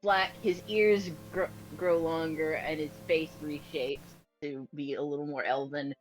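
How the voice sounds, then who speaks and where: A woman with a notably low voice playing a tabletop game. She talks wryly, with soft music faint behind her. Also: steady tone, unhurried, rough recording. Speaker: player.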